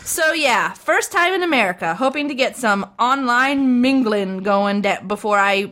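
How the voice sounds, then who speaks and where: A woman's voice: on the high side, expressive, normal speed, sharp tone. A woman co-hosting a podcast in casual chat, reading listener messages aloud with a playful, giggly delivery. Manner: giggly, playful, reads with jokey emphasis. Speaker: podcast co-host.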